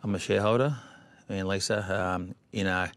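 A man's voice: low voice, steady tone, brisk, fairly bright tone, dry recording. A middle-aged Australian man, a guest, telling brash and bawdy anecdotes in chat. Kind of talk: storytelling chat.

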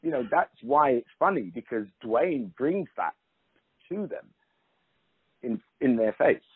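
A man's voice: mid-range voice, animated, measured pace, husky, no echo. A middle-aged man talking as an interview guest, emphatic and chatty, restarting sentences and saying "you know" a lot. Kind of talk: casual conversational interview. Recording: narrow phone-like line.

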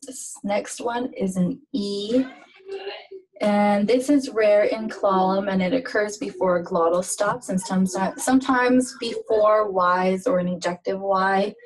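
A woman giving a casual language lesson on pronunciation, speaking slowly and haltingly with many fillers. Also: mid-range voice, fairly even intonation, low-quality recording. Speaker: language teacher.

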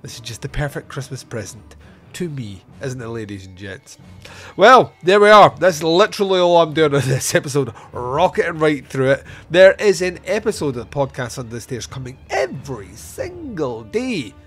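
A man hosting a podcast on his own, recapping a film scene in an animated, wry, self-mocking way. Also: on the high side, normal speed, soft background music. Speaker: podcast host. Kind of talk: solo film review recap.

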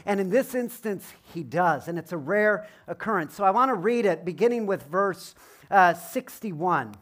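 A man's voice: high voice, moderate pace, fairly bright tone. A male pastor giving an informal, explanatory sermon, with frequent ums and self-deprecating asides. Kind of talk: conversational sermon.

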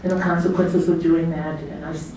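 A middle-aged woman, guest of honor at her own party, gives a chatty speech full of anecdotes in a hotel banquet room, often laughing and acting out what people said. Her voice is low, warm and level, and she talks fairly quickly. Heard from far off in an echoey banquet hall, the recording carries slight background noise.

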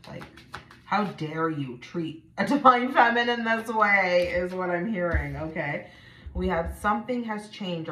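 A woman doing a casual, chatty tarot reading to camera, blunt and swearing freely. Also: deep voice. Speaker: tarot reader. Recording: echoey room with faint noise.

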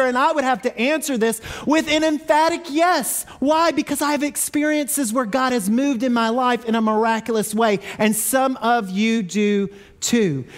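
High-voiced animated pastor. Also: male voice, normal speed. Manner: animated storytelling, acts out quotes. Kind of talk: sermon. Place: church sanctuary.

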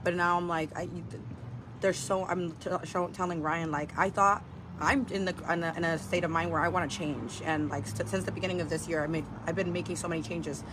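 A fairly quick, lowish female voice with mostly even intonation comes through a livestream clip where vehicles can be heard. She drifts through her story in a rambling way, swearing a lot and using plenty of filler words.

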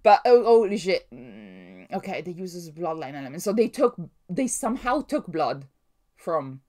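A woman talking through her reaction to a comic chapter, excitable and thinking aloud, laughing often and restarting her sentences. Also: fairly low pitch, normal speed. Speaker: manga reaction vlogger.

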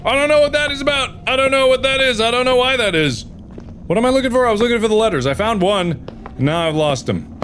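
A man in his thirties hosting a let's play, talking to himself through a horror game and breaking into high yelps and shouts. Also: fast. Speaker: gaming video host. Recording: steady background noise.

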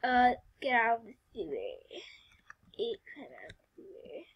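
A young woman playing a video game, excitable, swinging between hushed whispers and loud squeals. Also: fairly high pitch, normal speed, creaky, husky, highs cut off. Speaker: gamer. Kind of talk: casual gameplay commentary.

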